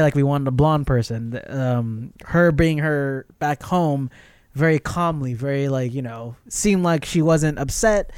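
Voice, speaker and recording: A man's voice: fairly high pitch, clear, resonant tone, dry recording, studio quality. A man co-hosting a podcast, casually retelling a film scene by scene with lots of fillers. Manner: rambling, filler-heavy, animated retelling. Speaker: podcast co-host. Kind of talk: casual film review chat.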